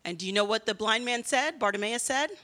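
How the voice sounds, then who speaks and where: Woman children's-church teacher, lively and questioning, with a bright, fairly high voice. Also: a little fast, long reverb tail. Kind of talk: children's sermon.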